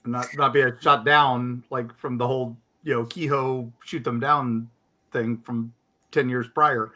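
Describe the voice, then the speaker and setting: A man's voice: medium pitch, fairly even intonation, unhurried, pushed and bright. A man co-hosting a podcast in casual chat, rambling and restarting mid-sentence as he sets up a story. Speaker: podcast co-host.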